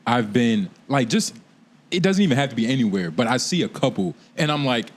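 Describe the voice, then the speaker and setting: A man's voice: medium pitch, fairly quick. A man hosting a podcast, chatting casually and rambling through his points with many restarts. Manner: rambling, restarts thoughts, animated storyteller. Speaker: podcast host. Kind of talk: casual chat.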